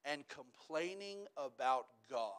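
Man, pastor, high voice, animated, hushed to loud. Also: slow, clean tone. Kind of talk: sermon.

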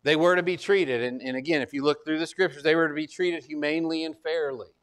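A man's voice: a little high, fairly even intonation, quick pace, fairly bright tone, clear, resonant tone. A male pastor preaching a conversational sermon, often repeating words and asking listeners whether they remember. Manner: conversational, repeats words, asks congregation to recall.

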